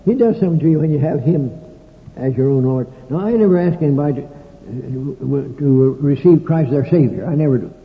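A man's voice: a little high, fairly quick. An older man preaching a sermon in a folksy storytelling manner with dry humorous asides. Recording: tinny, echoey old hall recording.

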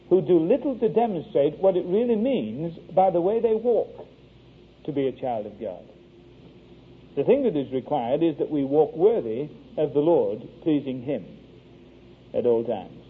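Male preacher, earnest and wry, a bit high and husky, tinny radio broadcast sound. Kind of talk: sermon with storytelling.

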